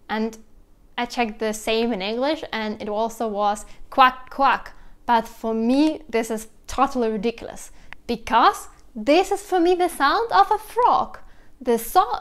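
A young woman with a Russian accent explains sounds in a casual vlog, lively and imitating animal noises as she goes. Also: fairly high pitch. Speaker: language teacher vlogger.

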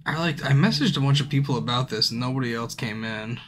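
A drunk man with a mid-range voice streams a game, talking fast against a noisy background. He chats casually with viewers by name, frustrated and swearing a lot.

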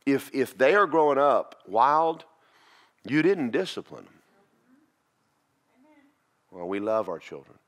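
A man teaching a church class, preaching in a folksy, animated storytelling way. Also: mid-range voice, slow, pauses often. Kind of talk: sermon.

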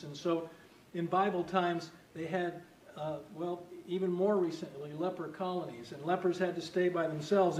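A man preaching a sermon as pastor, talking in a conversational way and asking the congregation questions. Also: darkish tone. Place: church sanctuary. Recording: echoey hall, distant mic, faint rumble.

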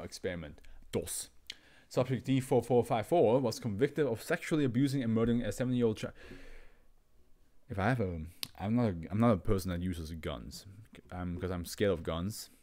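Low-voiced man reading with asides. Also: brisk, mellow. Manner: chuckles often, reacts with off-hand comments. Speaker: channel host reading stories.

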